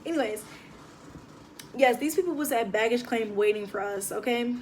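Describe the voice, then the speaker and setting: A young woman, telling a lively story to her phone camera in a casual vlog. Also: a little high, moderate pace, a little hiss or hum. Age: young adult. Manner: chatty, animated, slangy. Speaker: vlogger. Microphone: phone propped on a table.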